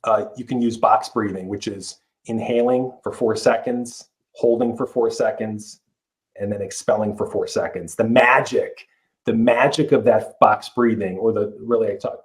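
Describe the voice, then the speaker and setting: A man's voice: on the low side, fairly even intonation, moderate pace, low-quality recording. Earnest middle-aged male life coach. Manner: earnest, emphatic, with many restarts. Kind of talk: podcast interview.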